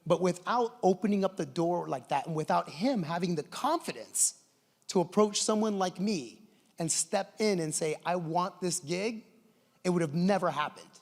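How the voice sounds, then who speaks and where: A middle-aged man speaking from a conference stage, telling stories with lively enthusiasm. His voice sits somewhat high for a man. A long reverb from the large hall trails every phrase. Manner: enthusiastic storytelling, animated. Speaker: conference presenter. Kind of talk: conference keynote talk.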